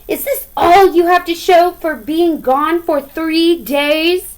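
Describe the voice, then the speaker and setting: A woman's voice: very high voice, fairly even intonation, takes it slowly, pitched above the performer's own voice. A woman doing a scolding farmer's wife. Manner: sharp, scolding.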